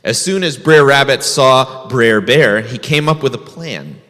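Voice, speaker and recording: A man's voice: medium pitch, animated, a little slow, a bit bright, in a large hall. A man, a rabbi, telling a folk tale to children in a folksy way, asking the kids questions. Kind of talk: storytelling to children.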